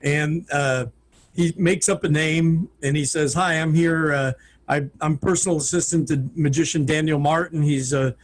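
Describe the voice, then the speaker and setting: Male guest, somewhat high voice, matter-of-fact storyteller. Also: fairly even intonation, moderate pace. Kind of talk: casual storytelling chat.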